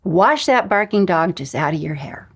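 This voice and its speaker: A woman teaching a spiritual lesson in an emphatic, coaching way, sometimes dropping into breathy whispers. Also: on the low side, lively intonation, moderate pace. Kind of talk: recorded lesson.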